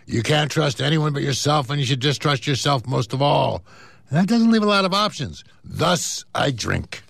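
Rat: a man doing a low, gloomy comic-strip rat. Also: expressive, moderate pace, vocal fry, a bit bright, no room sound, full character voice. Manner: low, dry, world-weary delivery. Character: gloomy cynical cartoon rat, adult male.

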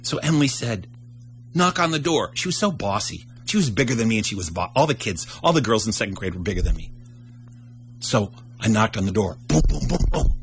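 A man's voice: fairly low pitch, animated, fast, faint music behind. A man telling a childhood story in a live storytelling performance, acting out the characters with raised voices.

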